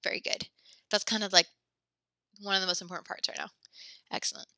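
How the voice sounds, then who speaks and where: A woman's voice: medium pitch, level tone, quick pace, pushed and bright, no room sound. Pregnant woman teacher, slightly breathless. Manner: patient, encouraging, mixing English and French. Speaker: French teacher. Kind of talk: online class instruction.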